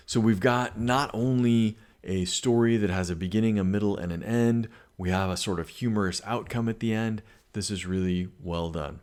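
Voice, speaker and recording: A man's voice: lowish voice, fairly even intonation, a little fast, hardly any pauses, darkish tone. A male English teacher giving a recorded lesson, explaining patiently and reading poems aloud, with frequent fillers.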